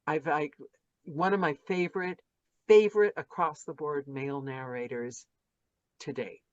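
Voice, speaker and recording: A woman's voice: low voice, fairly even intonation, measured pace, darkish tone, no echo. A woman hosting a casual interview over a video call, chatty and effusive, gushing and restarting her sentences. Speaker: podcast host interviewing narrators. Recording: dull lo-fi video call audio.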